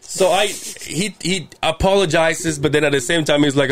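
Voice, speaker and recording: A man telling a long personal story on a podcast in casual chat, animated and swearing often, acting out what others said. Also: a little high, fairly quick, few pauses, slight background noise. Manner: animated, swears a lot, acts out quotes. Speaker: podcast host.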